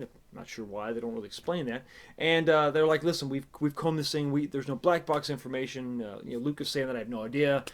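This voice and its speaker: A man casually reviewing a TV episode in a sarcastic, exasperated, rambling way. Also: fairly high pitch. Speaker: TV show reviewer.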